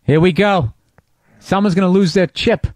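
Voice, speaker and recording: A man's voice: high voice, moderate pace, crowd noise. A man co-hosting a casual comedy podcast, swearing and teasing as he tells stories. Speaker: comedian co-host.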